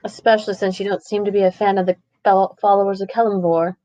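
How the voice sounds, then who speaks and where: A woman's voice: mid-range voice, little pitch movement, fast, dark tone. Woman, tabletop player, casual, wry, dull lo-fi sound. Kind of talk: tabletop game play.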